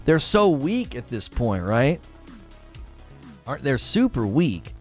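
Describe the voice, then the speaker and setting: A man's voice: mid-range voice, very animated, takes it slowly, soft background music. A young man streaming a game, talking casually, reading chat and laughing often at his own jokes. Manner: chatty, laughs often, mocking jokey asides.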